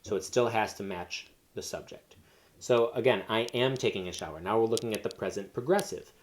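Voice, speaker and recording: A man's voice: on the low side, a little fast, a little hiss or hum. A man teaching a Spanish lesson, explaining step by step with fillers and self-corrections. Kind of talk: recorded classroom lesson.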